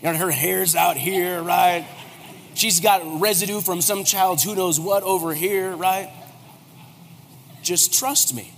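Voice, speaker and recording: A man's voice: high-pitched, slow, vocal fry, soft background music. A man in his forties, a pastor preaching a humorous sermon and acting out quoted voices. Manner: animated, joking, acts out quoted voices. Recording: hall reverb, faint background noise.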